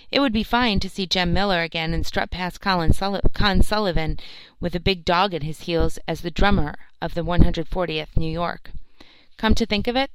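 A woman narrating a storybook in a calm, even way. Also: on the low side, smooth, dry recording, low-quality recording. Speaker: audiobook narrator. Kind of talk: scripted narration.

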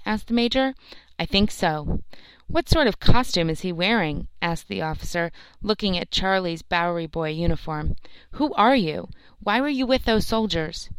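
Woman audiobook narrator; low, clean voice; steady storytelling; close mic. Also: clean tone, no room sound, poor audio. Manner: steady storytelling, lightly acts the characters' lines. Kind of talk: scripted narration of a novel, reading every part herself.

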